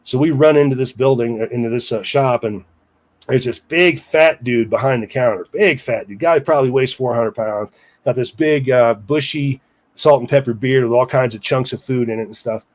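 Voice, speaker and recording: A man's voice: mid-range voice, normal speed, a little mellow. A man recounting a personal story in a casual interview, rambling with asides to the listener. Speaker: guest storyteller.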